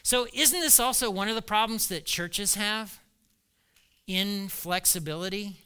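A male pastor delivers an animated sermon, slipping into quoted voices with a laugh. His voice sits high and very bright, with a smooth, clear tone. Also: unhurried.

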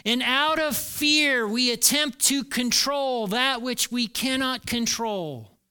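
Bright, smooth-voiced male pastor preaching. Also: very high voice, slow pace. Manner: conversational preaching, repeats key phrases for emphasis. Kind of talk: sermon.

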